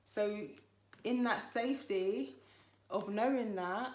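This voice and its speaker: In a room with echo, a tarot reader talks a client through a spiritual card reading. Her middle-pitched voice moves slowly in a chatty, reassuring way, and she often loops back over what she's said.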